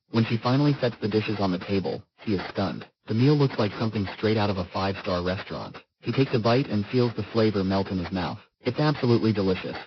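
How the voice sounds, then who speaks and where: A man with a fairly low voice reads a scripted comic recap at a steady, even storytelling pace. The recording is muffled and lo-fi, and a clear hiss sits under his voice throughout. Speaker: recap narrator.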